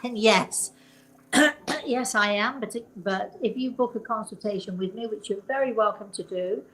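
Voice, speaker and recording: An older woman with a mid-range voice and a slightly hoarse throat hosts a live call-in show as a medium. She talks casually and warmly encourages her viewers, often joking about herself. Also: medium pitch, a little slow, rough recording. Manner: chatty, encouraging and self-deprecating. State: hoarse, voice recovering. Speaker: psychic medium and show host. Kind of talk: live online call-in talk.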